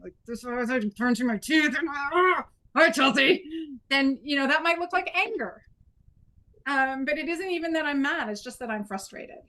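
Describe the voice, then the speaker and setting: In a training workshop, a woman instructor with a high, somewhat bright voice guides an improv exercise. Her manner is warm and conversational, with playful demos to encourage participants.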